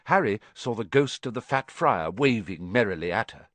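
Guy reading a storybook out loud, super lively pitch, dry close mic. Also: moderate pace, few pauses, no echo. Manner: expressive, animated storytelling. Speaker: narrator. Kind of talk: audiobook narration.

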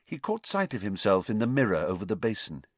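Casting: male audiobook narrator, expressive, bone-dry studio read. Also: lowish voice, fairly quick, breathy edge, dry recording. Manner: expressive storytelling. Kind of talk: scripted narration.

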